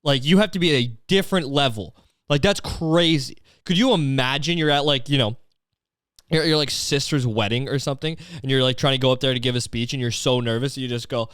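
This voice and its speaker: A man's voice: mid-range voice, a little fast, a bit bright, smooth, no echo, clean studio sound. A young man from Canada hosting a comedy podcast, talking in a profane, rambling, slang-heavy rant. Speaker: podcast host.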